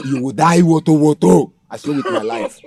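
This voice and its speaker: A man's voice: on the high side, moderate pace, gravelly. An actor with a Nigerian Pidgin accent playing a menacing, taunting male kidnapper. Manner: threatening, taunting, shouting orders. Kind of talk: Nollywood film acting.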